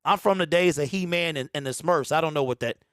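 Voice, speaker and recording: A man in his forties hosting a casual sports fan show, reading viewer comments aloud, animated and quick to laugh as he talks straight to his audience. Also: fairly high pitch, clean tone, no echo, clean studio sound. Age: 40s.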